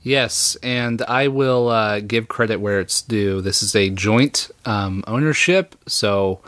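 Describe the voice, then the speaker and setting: Podcast guest, very deep-voiced man, bright forceful tone, enthusiastic and detail-heavy. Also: slow pace, no echo. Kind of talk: casual chat.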